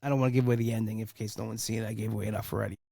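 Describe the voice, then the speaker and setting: A man's voice: fairly low pitch, little pitch movement, rapid-fire, gravelly, dark tone, no room sound, studio quality. A young man hosting a casual solo podcast, rambling with enthusiasm and swearing for emphasis. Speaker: podcast host.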